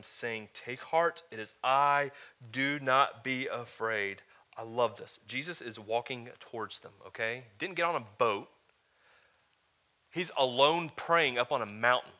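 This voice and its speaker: A middle-aged man preaching a sermon as pastor, telling a family story with animated rhetorical questions. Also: medium pitch.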